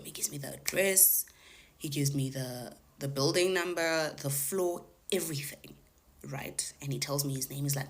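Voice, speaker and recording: A woman's voice: low voice, moderate pace, a little hiss or hum. A woman telling a casual storytime monologue to her followers, acting out the lines of the people in her story. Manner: animated retelling, acting out the callers' lines in quoted voices. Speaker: TikTok storyteller.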